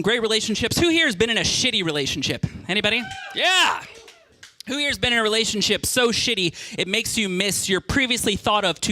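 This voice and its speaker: A man performing a stand-up comedy set, telling stories in an animated way and often stammering and repeating words. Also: high voice, a little hiss or hum.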